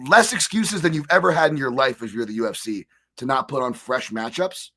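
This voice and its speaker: A man's voice: medium pitch, a little fast, pushed and bright. A man on a sports panel giving a heated opinion, indignant and swearing.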